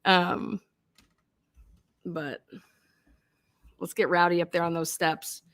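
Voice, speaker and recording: A woman hosting a true crime livestream, ranting casually and loudly with a lot of swearing. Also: lowish voice, takes it slowly. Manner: rowdy, swearing, animated. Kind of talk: casual profane livestream rant.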